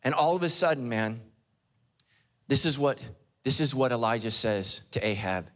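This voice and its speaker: A man's voice: expressive, moderate pace. A male pastor preaching a sermon, telling a story dramatically and putting questions to his congregation. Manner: dramatic storytelling with swings from loud and high to low and hushed; preaching to a live congregation, asking the crowd questions.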